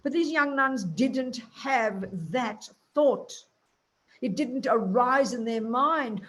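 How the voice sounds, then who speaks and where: Woman Buddhist nun teaching, fairly high voice, punchy and plain-spoken. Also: slow pace, a bit bright. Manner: blunt, emphatic, colloquial.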